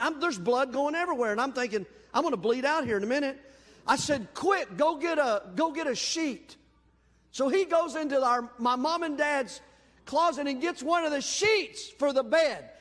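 A man preaching a sermon in a church, telling a folksy personal story in an animated, self-deprecating way. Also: very high-pitched. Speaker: pastor. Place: church sanctuary. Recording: long hall reverb.

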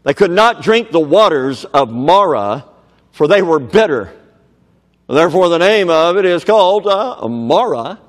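A man's voice: sits high, big pitch swings, measured pace, long pauses. Dramatic preacher man in a reverberant hall. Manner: dramatic, swinging from shouts to near whispers; keeps checking that the audience is listening. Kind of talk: sermon.

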